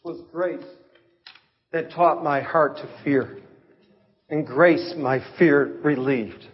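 An actor playing an aged, fervent preacher who was once a slave trader, declaiming from hushed tones to shouts, in a dull recording of an echoing hall. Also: male voice, fairly high pitch, slow. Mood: reverent. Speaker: actor playing John Newton. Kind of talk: dramatic stage reading. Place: large hall or church stage.

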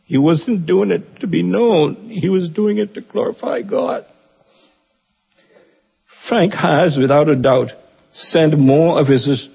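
A man giving a funeral eulogy at his church, earnest and reverent with touches of gentle humor. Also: on the high side, gravelly, breathy edge. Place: church assembly hall. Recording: dull, echoey church hall recording.

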